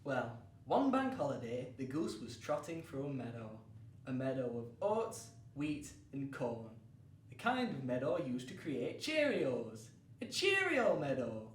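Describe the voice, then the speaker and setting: A man's voice: mid-range voice, unhurried. Upbeat guy hosting a kids story show, voice bounces around a lot, echoey and far from the mic. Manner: cheery, exaggerated storyteller, lively. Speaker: host of a children's story show. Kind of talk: comic storybook narration. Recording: roomy, distant mic with faint noise.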